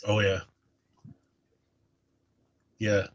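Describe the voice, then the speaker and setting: A man chatting casually on a stream, rambling and halting with restarts. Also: lowish voice, monotone, dull audio.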